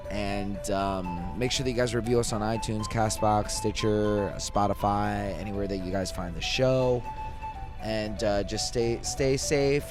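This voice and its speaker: A man filling in as podcast host and producer, talking casually and sleepily, rambling with many fillers and restarts. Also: lowish voice. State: tired, yawning late at night. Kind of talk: casual solo podcast talk.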